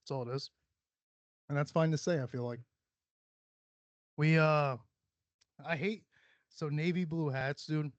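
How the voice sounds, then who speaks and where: A young adult man talks straight into a close mic in a rambling solo podcast, blunt and full of profanity. His voice sits a touch high for a man, and the sound is dry and slightly dull. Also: steady tone, measured pace, long pauses, dry recording. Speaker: podcast host. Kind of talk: casual solo podcast monologue. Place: small cluttered home room.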